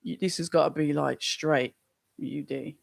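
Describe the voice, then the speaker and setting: Streamer reading chat out loud on a live watch-along, easygoing rambly talk, dry close sound. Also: medium pitch, steady tone, unhurried, vocal fry, no echo. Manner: casual, chatty, thinks aloud.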